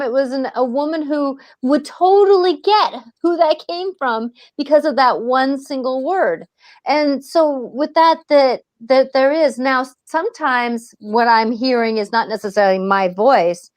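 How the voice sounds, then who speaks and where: Woman medium, fairly high voice, close dry sound, earnest and reassuring on a panel. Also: no room sound. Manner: earnest, gently reassuring, acts out quoted messages. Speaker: spiritual medium. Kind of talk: panel discussion.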